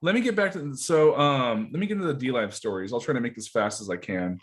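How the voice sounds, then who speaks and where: A man's voice: medium pitch, fast. A man, a podcast guest, telling army stories in casual, profane chat and acting out the people he quotes. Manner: profane, animated, acts out shouted quotes.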